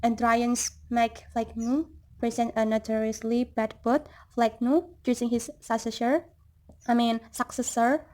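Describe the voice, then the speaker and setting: A woman's voice: on the high side, flat delivery, darkish tone. Young Indonesian woman explaining poetry terms. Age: young adult. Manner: explanatory, repeats examples slowly, asks the audience questions. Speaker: student presenter. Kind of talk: classroom presentation.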